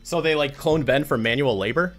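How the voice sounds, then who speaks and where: A man's voice: on the high side, brisk, soft background music. A man hosting a casual livestream as a comic creator, chatty and rambling, full of restarts.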